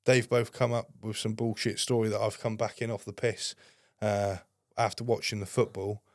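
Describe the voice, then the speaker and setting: A man's voice: lowish voice, little pitch movement, moderate pace, no room sound, studio quality. A young man, a podcast guest, telling rambling anecdotes in casual talk and swearing heavily. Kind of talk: casual storytelling.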